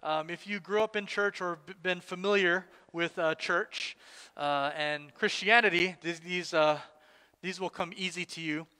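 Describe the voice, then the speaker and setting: A man with a high, bright voice hosts relaxed Bible trivia at a church service, teasing listeners and chatting loosely. His voice rings with a long reverb from the hall around him. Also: a little slow, clean tone. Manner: chatty and playful, joking with listeners. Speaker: church worship leader.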